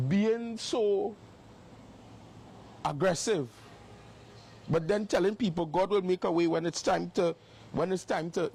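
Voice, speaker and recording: A man's voice: high-pitched, gravelly, darkish tone, slight background noise. A man livestreaming from outdoors on his phone, making repeated, emphatic accusations. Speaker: live-stream host. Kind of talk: livestream exposé. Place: outdoors by a property.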